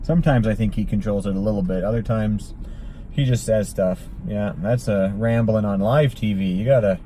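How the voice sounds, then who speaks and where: A man's voice: fairly low pitch, normal speed, mellow. A man hosting a solo podcast, rambling on tangents from inside his car and poking fun at himself. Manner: meandering, self-deprecating, restarts and tangents. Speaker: podcast host. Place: in a car while driving. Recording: road and engine noise behind.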